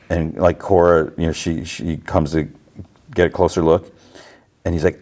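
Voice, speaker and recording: Deep-voiced man rambling through a recap. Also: fairly even intonation, moderate pace, darkish tone. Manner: rambling, fillers, many "like"s. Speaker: podcast host. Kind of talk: casual episode recap.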